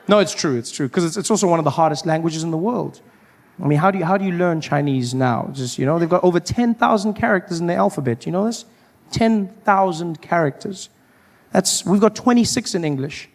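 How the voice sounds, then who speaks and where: A man doing stand-up comedy on stage, telling stories animatedly and jumping into voices. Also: fairly high pitch. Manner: animated, jumps into voices and accents. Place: comedy stage before an audience.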